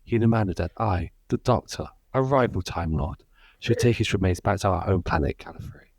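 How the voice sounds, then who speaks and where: A man voicing a solemn male time-traveller narrator in a deadpan, serious reading. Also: low voice, moderate pace, vocal fry, slightly rough, dry recording, exaggerated voice.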